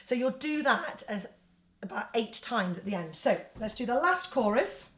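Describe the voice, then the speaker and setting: A woman with an English accent leads an online choir lesson, chatting through each part as she teaches and breaking into sung phrases. Her voice is a little high, animated, and a bit bright at a moderate pace, with a roomy sound over backing music.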